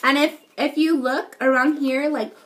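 A young woman telling a story to her camera in a chatty, excitable way, with lots of fillers. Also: sits high, a little slow. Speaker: beauty vlogger.

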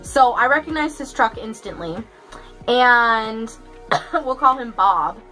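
A woman's voice: a little high, expressive, slow, sharp tone, faint music behind, poor audio. A young woman chatting through a story for her vlog, casual and profane, full of fillers. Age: young adult. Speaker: vlogger.

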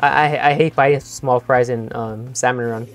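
A young man streaming a game live, talking to his teammates and chat in an excitable, stammering way that repeats itself. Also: mid-range voice, moderate pace, faint music behind. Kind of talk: live gameplay commentary.

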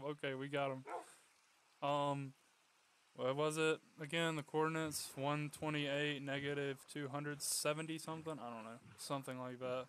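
A young man giving casual gameplay commentary, coaxing and pleading with his in-game pet, then bursting into excited yells. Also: mid-range voice, normal speed, long pauses, a little hiss or hum. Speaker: gaming YouTuber.

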